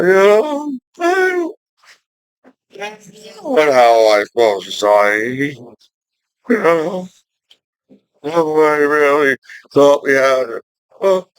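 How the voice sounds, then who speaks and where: A man in his forties from the United States, talking slowly in a rambling vlog monologue full of "you know" fillers, with sudden loud outbursts. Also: medium pitch, clear, resonant tone, dry recording, rough recording. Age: 40s. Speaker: vlogger.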